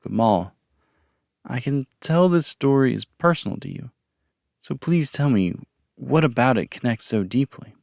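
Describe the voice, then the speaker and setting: A man's voice: medium pitch, expressive, measured pace, gravelly, darkish tone, no room sound, studio quality, pitched above the performer's own voice. A man voicing an earnest young male captive who speaks carefully and sincerely as he tries to befriend his captor.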